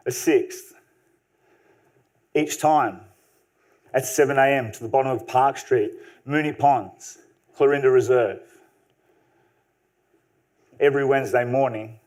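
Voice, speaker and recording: A man telling an unscripted story on stage, humorous and animated. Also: medium pitch. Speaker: speaker. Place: live stage talk.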